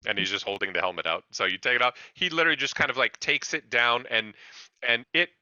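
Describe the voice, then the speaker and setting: A man's voice: mid-range voice, animated, quick pace, bright, forceful tone, no room sound, highs cut off. A man narrating as game master of a tabletop game, rambling along with many fillers and restarts.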